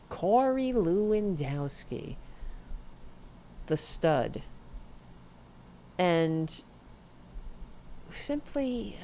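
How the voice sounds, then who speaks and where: A middle-aged woman hosting a political commentary stream from her computer, profane and sarcastic. Her voice sits low but swings widely, from sharp jabs to weary asides. Faint noise sits under the desktop mic. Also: creaky. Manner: profane, sarcastic, animated ranting. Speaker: host.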